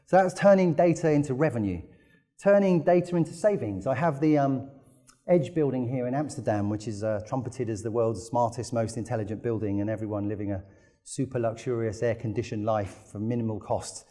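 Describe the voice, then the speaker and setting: A man's voice: mid-range voice, a little fast, mellow. A man from the United Kingdom giving a business presentation, telling enthusiastic stories with lots of "you know" fillers. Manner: enthusiastic storytelling with frequent fillers. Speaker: conference speaker.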